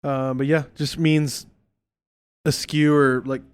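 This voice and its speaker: An easygoing man from north central Texas co-hosts a podcast. He chats agreeably in a casual, friendly back-and-forth, his pitch in an ordinary middle range. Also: flat delivery, slow, smooth, dry recording. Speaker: podcast co-host. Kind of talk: casual chat.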